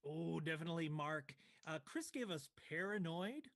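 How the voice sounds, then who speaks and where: A man's voice: fairly high pitch, moderate pace. A man helping host an improv match, reading audience suggestions. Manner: chatty, lively, reading suggestions.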